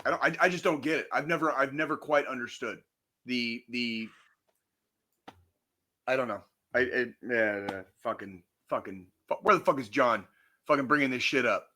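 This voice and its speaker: In a mid-range, sharp-toned voice at ordinary speed, a man on a podcast he co-hosts vents his anger with a steady stream of profanity. Emphatic repetition and frequent restarts mark his heated rant.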